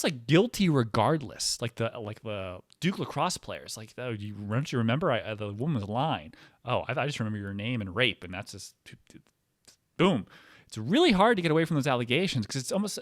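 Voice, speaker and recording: A man hosting a podcast who talks in a loose, rambling way, full of "like" and asides. His voice sits at a middle pitch and sounds dry and close, with no room around it. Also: dry recording. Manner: rambling and provocative, heavy use of "like". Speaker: podcast host. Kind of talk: casual comedic podcast monologue.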